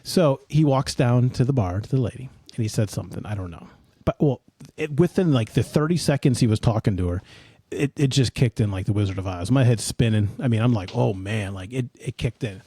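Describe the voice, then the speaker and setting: Mellow, husky-voiced man telling stories. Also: mid-range voice, lively intonation, a little fast, no room sound, studio quality. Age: middle-aged. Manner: rambling, self-mocking storyteller. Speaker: podcast host. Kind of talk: casual storytelling chat.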